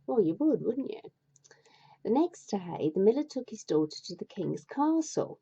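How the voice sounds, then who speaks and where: Woman moaning her way through a fairy tale, sweary, mellow voice, muffled lo-fi sound. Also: mid-range voice, very animated, moderate pace, creaky, slightly rough. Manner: exasperated, grumbling, sweary. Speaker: storyteller. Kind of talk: comic fairy tale reading with rambling asides.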